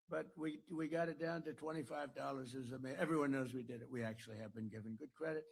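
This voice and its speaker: Gravelly older American man, boastful rambling. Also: on the high side, fairly even intonation, fast talker. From United States. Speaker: political speaker. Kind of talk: after-dinner speech. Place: dinner hall.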